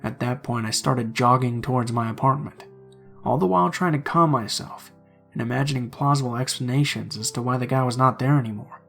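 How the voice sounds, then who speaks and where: A man reading true horror stories aloud in a hushed, suspenseful narrating voice. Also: mid-range voice, a little fast, vocal fry, soft background music.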